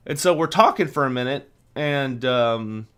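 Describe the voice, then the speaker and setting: A man's voice: mid-range voice, a little slow, clear, resonant tone. A young man hosting a casual livestream, telling a long rambling story full of fillers and restarts. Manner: rambling storyteller, many fillers, animated retelling. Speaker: livestream host.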